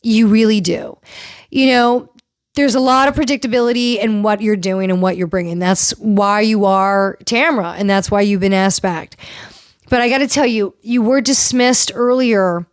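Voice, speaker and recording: A woman's voice: medium pitch, normal speed, clean tone, no echo, studio quality. A woman hosting a casual recap podcast, blunt and opinionated, who swears freely and scolds the cast members as if they could hear her. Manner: addresses the cast members directly, as if scolding them. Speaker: podcast host. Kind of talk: casual reality-TV recap commentary.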